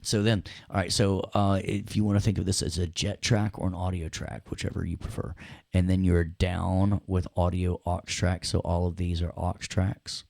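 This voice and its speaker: A deep, gravelly man walks students through audio software in a loose, chatty lesson. He jokes and checks in with the class as he goes. The sound is dry and close. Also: level tone, moderate pace, no room sound. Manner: chatty, jokey, addresses students directly. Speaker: audio production instructor. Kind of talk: casual screen-share software lesson.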